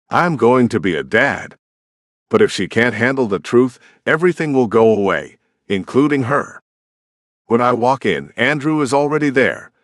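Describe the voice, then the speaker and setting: A man narrating a first-person romance audiobook in an expressive, conversational storytelling manner. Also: lowish voice, dry recording, studio quality.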